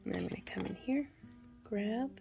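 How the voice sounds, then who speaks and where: Gravelly-voiced woman teaching a craft. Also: mid-range voice, moderate pace, over music. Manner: relaxed, chatty, counts stitches aloud. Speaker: craft instructor. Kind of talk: hands-on craft tutorial.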